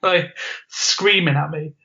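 A man co-hosting a podcast, telling an animated story with frequent laughs and acted-out quotes. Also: on the high side, takes it slowly, vocal fry. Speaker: podcast co-host. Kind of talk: casual storytelling chat. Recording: muffled lo-fi podcast audio.

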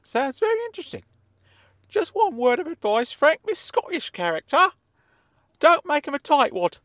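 A man voicing a well-meaning older uncle in a high, earnest voice, giving fussy advice in an audiobook story. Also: huge pitch swings, normal speed, fairly bright tone, no echo, clean studio sound, exaggerated voice.

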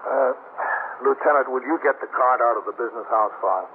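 An actor playing a calm, patient police captain questioning witnesses in a 1950s radio drama, measured and steady. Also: male voice, mid-range voice, gravelly, close to an everyday voice. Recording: tinny, hissy old radio broadcast.

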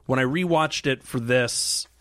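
A man's voice: mid-range voice, measured pace, fairly bright tone. A man co-hosting a casual podcast, telling a rambling story, laughing often and acting out the lines of the people he quotes. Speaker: podcast co-host.

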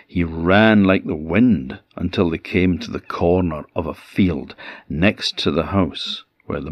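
A traditional storyteller from Orkney tells a folk tale in his low, deep voice. He lets the pace and loudness swell and fall with the story. The recording is close and dry. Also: no echo. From Orkney, Scotland. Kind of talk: oral folk tale telling.

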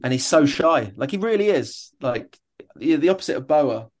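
Chatty, excitable man telling stories. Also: fairly high pitch, moderate pace. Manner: chatty, enthusiastic storyteller with many restarts. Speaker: stadium announcer guest. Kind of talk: casual interview chat.

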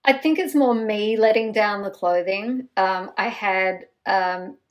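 Animated woman telling a story. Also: medium pitch, slow pace, low-quality recording. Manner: animated storyteller, laughing, with filler words. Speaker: guest. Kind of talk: casual chat.

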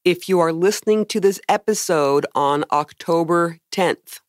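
A podcast co-host chats casually, handing out announcements between wry, matter-of-fact jokes. The voice sits at a middle pitch. The recording is dry and close. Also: measured pace, dry recording.

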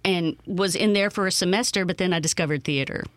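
A woman, a voiceover artist talking as a radio guest, animated and playful, often laughing. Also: fairly low pitch, fairly quick, dry recording. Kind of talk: conversational radio interview.

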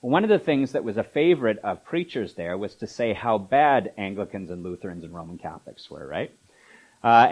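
Male pastor, mid-pitched voice, chatty sermon style with asides and "uh"s. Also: poor audio. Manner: conversational preaching with asides and filler words. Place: church.

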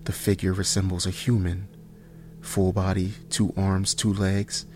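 Deep, flat-voiced man narrating horror. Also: faint music behind. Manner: slow, hushed, dropping to near whispers. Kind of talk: first-person horror story narration.

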